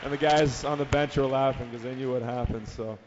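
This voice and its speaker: A man spins a lively anecdote from a panel stage, laughing as he goes and acting out the shouting. His mid-range voice rings through a long-reverb convention hall. A faint ambient murmur sits underneath. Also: medium pitch, fairly quick, background noise. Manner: lively storyteller, laughs at own story, acts out yelling. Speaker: hockey team captain on a fan panel. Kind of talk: anecdotal storytelling at a fan panel.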